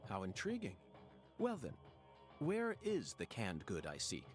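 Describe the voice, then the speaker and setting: A man's voice: huge pitch swings, a little slow, soft background music. An actor voicing an eccentric male agent who muses aloud in an oddly formal way in a video game. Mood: musing. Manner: musing, oddly formal, leaps in pitch. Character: eccentric male FBI agent, musing and theatrical.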